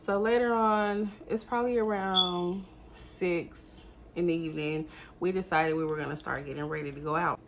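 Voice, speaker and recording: A young woman telling a story to her viewers in a casual, animated, exasperated way. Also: fairly low pitch, normal speed, slight background noise.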